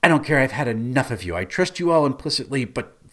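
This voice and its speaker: A man's voice: mid-range voice, sing-song, fast talker, fairly bright tone. A man voicing a serious, confident female dwarf cleric who is fed up with her companions. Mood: exasperated. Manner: exasperated, firm.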